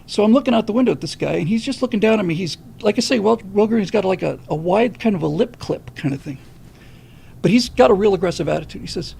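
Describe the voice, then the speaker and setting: A man with a husky, gravelly voice pitched fairly high tells a personal story on his livestream. His delivery is animated and full of profanity. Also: fast talker. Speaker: livestream host.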